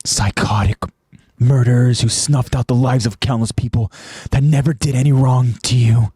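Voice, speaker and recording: A man's voice: mid-range voice, steady tone, normal speed, husky, no echo. A man voicing a furious, bitter young male soldier who accuses and screams at former comrades. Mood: contemptuous. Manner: shouting, accusing, rising to a scream.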